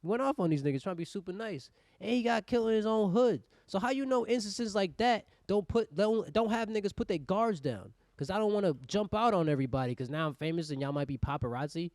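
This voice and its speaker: Young guy on a podcast, acts stuff out, swears a lot, bouncy pitch, dry sound. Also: fast, hardly any pauses, no echo. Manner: animated, acts out scenes with voices, heavy swearing. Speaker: podcast co-host. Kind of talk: casual chat.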